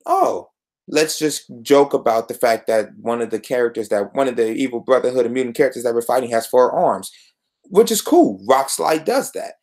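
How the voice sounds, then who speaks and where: A man's voice: mid-range voice, expressive, moderate pace, a little mellow. A young man hosting a solo podcast, reviewing comic books in an exasperated, sarcastic rant.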